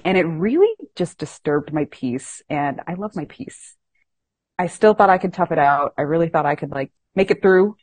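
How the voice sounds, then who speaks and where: Low, husky-voiced woman host. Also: normal speed, no room sound. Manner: animated and self-mocking, with laughs. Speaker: podcast host. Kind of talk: casual storytelling chat.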